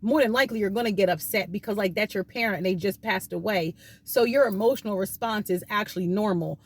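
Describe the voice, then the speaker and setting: A woman's voice: medium pitch, fast, slightly rough. A woman talking casually from her car about abuse tactics, rambling with many fillers and restarts. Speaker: channel host talking about healing from abuse. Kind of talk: casual explanatory talk. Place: in a parked car.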